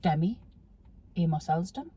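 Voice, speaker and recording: A woman's voice: fairly low pitch, expressive, unhurried, mellow, husky. Blunt Geordie woman in her fifties. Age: 50s. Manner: blunt, teasing, jokey. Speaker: guest, host's mother. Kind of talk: casual chat.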